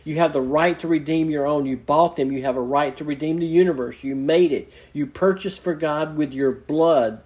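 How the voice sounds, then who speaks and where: A man's voice: fairly high pitch, moderate pace, few pauses, a little mellow. Earnest man preaching verse by verse. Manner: earnest, teacherly, explains scripture verse by verse. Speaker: pastor. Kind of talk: expository sermon.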